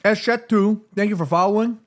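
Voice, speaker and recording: Speaking fairly quickly in a high voice, this man hosts a casual watchalong stream from his room despite a sore throat. He's chatty, reads messages from chat out loud, and eats in between lines.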